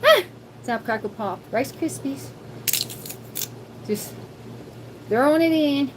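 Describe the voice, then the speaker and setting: A woman's voice: high-pitched, slow pace, a little mellow, a little hiss or hum, low-quality recording. A woman hosting a casual cooking livestream from her home kitchen, chatty and thinking aloud as she talks to viewers. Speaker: livestream host.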